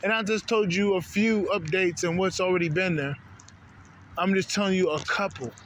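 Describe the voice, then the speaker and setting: High-voiced man rambling in street slang. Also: fairly even intonation, moderate pace, fairly bright tone, a little hiss or hum. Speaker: spiritual channel host. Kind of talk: unscripted spiritual monologue.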